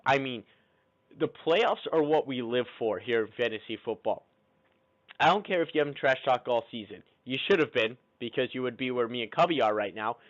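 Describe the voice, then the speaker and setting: A man's voice: mid-range voice, lively intonation, fairly quick. A young man giving casual fantasy football commentary, cocky and trash-talking as he builds hype for the playoffs. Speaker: fantasy football league podcaster. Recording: dull lo-fi recording.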